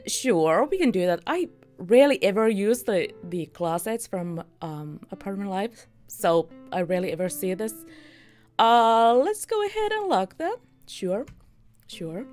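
A woman streamer giving chatty, upbeat commentary while playing a game, chuckling often. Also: medium pitch. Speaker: let's play streamer. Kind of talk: casual gameplay commentary.

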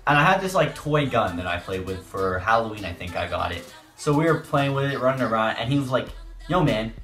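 Young male YouTuber, lively storyteller, jokey, echoey room with faint music. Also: medium pitch, brisk. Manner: animated, acts out voices, jokey asides. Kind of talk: casual storytime.

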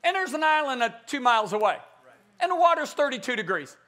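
A high, lively-voiced man in his sixties preaches a passionate sermon on a large conference stage. His delivery is bright and forceful, stumbling over repeated words and swinging from hushed to loud, with a faint live audience behind him. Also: fast.

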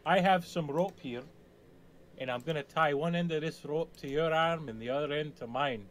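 A playful man at a tabletop game who bargains while in character. His voice is slightly higher than most men's. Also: moderate pace, a little hiss or hum. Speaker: player. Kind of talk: casual tabletop game chat.

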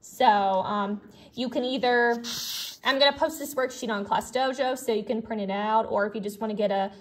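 Young female teacher, slightly high voice, friendly and explanatory for small kids, natural fillers and restarts. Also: normal speed. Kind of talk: recorded elementary classroom lesson.

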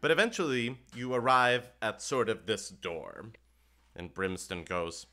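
A man's voice: fairly low pitch, measured pace, pushed and bright. A man narrating as game master of a tabletop game in an easygoing way.

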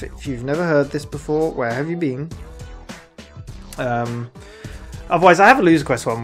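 A gaming channel host giving let's play commentary, excitable, laughing often and talking to themselves. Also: medium pitch. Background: game music.

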